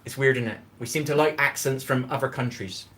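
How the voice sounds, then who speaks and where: A man's voice: medium pitch, a little fast, bright, forceful tone, a little hiss or hum. A man hosting a casual live cooking stream from his home kitchen, sitting on a chair. He rambles, greets viewers by name and swears freely. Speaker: livestream cooking host.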